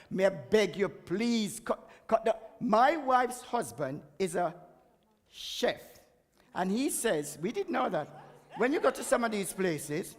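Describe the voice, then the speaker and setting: A man giving a chatty, emphatic health talk at a church and laughing at himself now and then. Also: high-pitched. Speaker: guest speaker on health. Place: church hall. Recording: echoey church hall.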